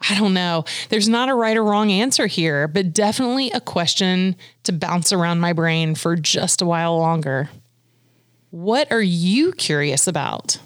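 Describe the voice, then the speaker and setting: A woman hosting a podcast, reading a reflective monologue in a gentle, unhurried, thoughtful way. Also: on the low side, clear, resonant tone, no room sound, clean studio sound. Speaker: podcast host.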